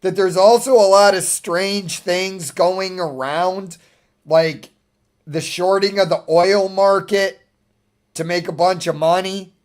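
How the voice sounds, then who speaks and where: A man's voice: sits high, steady tone, slow. A man talking casually as a streamer, ranting in a profane, exasperated way and laughing often.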